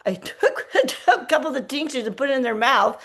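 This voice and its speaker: A woman's voice: sits high, animated, fairly quick, a bit bright. A woman on a video call, casually telling a story and acting out the dialogue. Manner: chatty, acts out quoted dialogue. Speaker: team member sharing a story.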